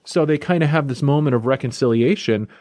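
A man's voice: medium pitch, fairly quick, dry recording. Fields: chatty man recapping a story, dry close mic. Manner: animated storyteller paraphrasing dialogue, with filler "you know" and "like". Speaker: comic book podcast host. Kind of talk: casual recap and review.

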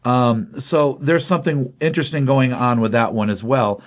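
Recapping a comic's plot, a male podcast host rambles loosely and leans heavily on fillers. He speaks at a moderate pace with an average-pitched voice and a relaxed, enthusiastic energy.

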